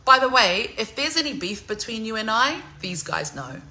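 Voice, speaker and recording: A woman, chatting excitedly in a salon vlog, loud, laughing and swearing freely. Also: a little high, normal speed, low-quality recording. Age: 40s. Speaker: singer.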